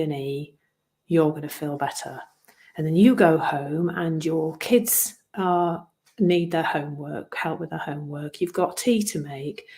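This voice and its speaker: A woman's voice: low-pitched, a little mellow. A woman coach talking reflectively about her past work, earnest and self-deprecating, often repeating words as she searches for the phrasing. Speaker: wellbeing coach. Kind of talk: reflective solo talk.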